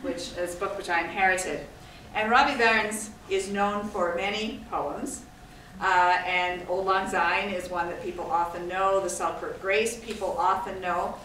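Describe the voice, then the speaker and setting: A woman's voice: on the low side, fairly even intonation, unhurried, few pauses, a bit bright. A woman from Scotland giving an informal, digressive talk to an audience, chatty and self-deprecating. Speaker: guest speaker. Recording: echoey hall from far off, faint noise.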